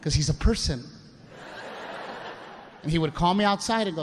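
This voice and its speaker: A man performing live stand-up comedy, ranting in an exasperated way with loud shouted bursts. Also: fairly high pitch, moderate pace. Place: stage at a live show. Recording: live show with loud background noise.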